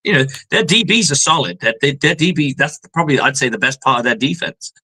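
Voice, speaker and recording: A man's voice: fairly high pitch, animated, fast, pushed and bright, breathy edge, poor audio. A man co-hosting a live sports reaction stream, heated and profane, acting out exchanges between referees. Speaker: co-host. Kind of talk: casual sports reaction chat.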